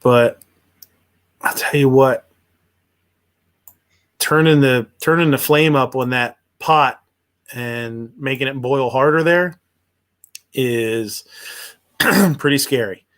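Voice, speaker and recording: A man's voice: medium pitch, slow, long pauses, a bit bright. A man hosting a livestream, commenting on news in a rambling, hesitant way with many fillers and restarts. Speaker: livestream host.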